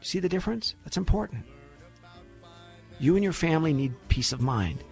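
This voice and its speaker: A man's voice: a little high, lively intonation, normal speed, vocal fry, darkish tone, soft background music. A man hosting a financial radio talk show, talking animatedly and acting out little dialogues between clients and brokers.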